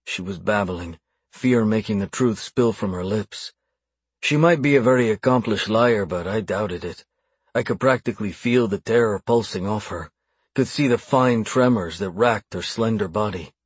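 A man narrating a dark romance audiobook in a low, hushed, measured first-person voice. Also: slightly rough, no echo.

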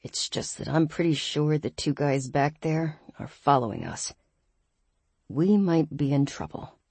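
A woman's voice: unhurried, a little mellow, breathy edge, no echo, heavily acted. A woman reading as a teasing young man. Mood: tense, low. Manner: dry, laid-back teasing, turning low and terse. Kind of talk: audiobook character reading.

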